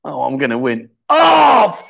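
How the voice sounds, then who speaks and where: A man runs a quiz on his casual livestream, ribbing the people in the chat. His voice sits on the high side and leaps about with lively swings. The sound is dull and lo-fi, as from a streaming setup. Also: normal speed. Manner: cheeky banter with viewers in chat. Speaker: livestream chat show host.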